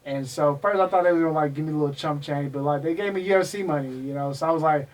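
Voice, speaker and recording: Animated storytelling man, distant mic. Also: fairly high pitch, fast talker. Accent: Texan. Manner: animated, profane, acts out quoted people. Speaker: guest, MMA historian. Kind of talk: casual storytelling interview.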